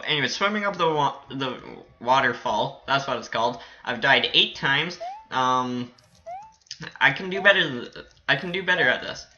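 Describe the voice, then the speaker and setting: A man's voice: medium pitch, moderate pace, sharp tone, muffled recording. A man giving casual commentary while playing a game, rambling with many fillers and giggling and squealing with delight. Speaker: gaming channel host.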